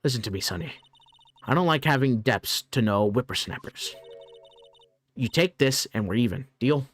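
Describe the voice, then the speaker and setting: A man's voice: medium pitch, lively intonation, moderate pace, close to an everyday voice. A man reading game lines as a grumpy old woman, huffing and puffing between words. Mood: grumbling. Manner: huffs and puffs between words. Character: wheezing cranky old woman, always out of breath. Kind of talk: reading game dialogue aloud.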